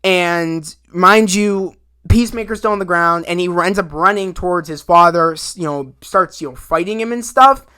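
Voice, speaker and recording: A man casually recapping a TV episode in a rambling, excited way, full of fillers and quick asides. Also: sits high, clean tone. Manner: rambling, animated retelling with many fillers and acted quotes. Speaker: video reviewer.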